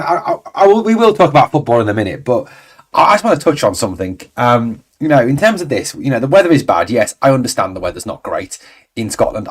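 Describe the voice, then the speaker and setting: A man in his forties hosting a fan livestream, chatting casually and rambling through viewer comments with exasperated asides. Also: medium pitch. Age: 40s. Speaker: fan channel host.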